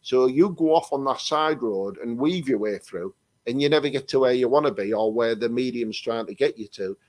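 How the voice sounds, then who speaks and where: A man's voice: mid-range voice, normal speed, darkish tone, no room sound. An English man, a psychic medium, telling rambling stories with many restarts in a casual chat over a video call. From England.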